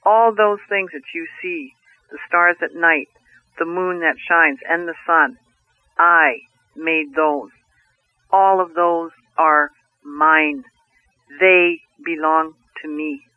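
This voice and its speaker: A man voicing the Creator, a booming, commanding male spirit, speaking slowly and solemnly. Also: no echo, natural voice. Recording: tinny phone-like line.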